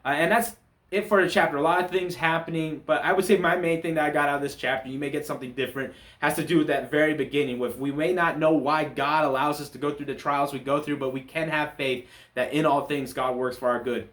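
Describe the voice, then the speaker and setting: A man giving a relaxed, conversational talk on a Bible chapter, often restarting his sentences as he explains the story. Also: on the high side, quick pace, roomy sound. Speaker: church Bible study teacher. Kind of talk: casual Bible chapter commentary.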